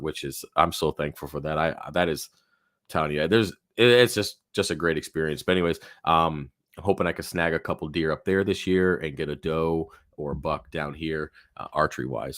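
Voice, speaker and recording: A deep-voiced man hosts a live Q&A stream, rambling through casual talk with plenty of fillers and restarts. His voice is hoarse and fading. The sound is dry and close. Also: steady tone, brisk, a bit bright, no echo. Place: home office.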